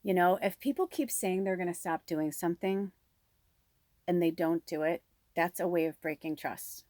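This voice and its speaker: A woman's voice: lowish voice, normal speed, darkish tone, dry recording, studio quality. A middle-aged woman giving a casual spiritual card reading, chatty and frank, swearing now and then and acting out quarrels. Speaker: tarot reader.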